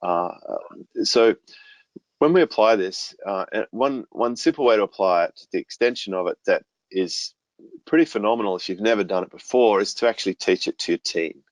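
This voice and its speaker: A man with a very low, deep voice talks easily in a podcast interview, explaining his ideas through everyday stories and comparisons. His voice sounds close and dry, with no room echo around it. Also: moderate pace. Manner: relaxed, storytelling with homely analogies. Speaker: business coach guest.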